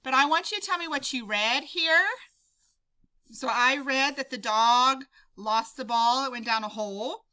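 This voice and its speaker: Bright, animated woman teacher. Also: sits high, measured pace. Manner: animated, explaining to children. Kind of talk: reading aloud to a class.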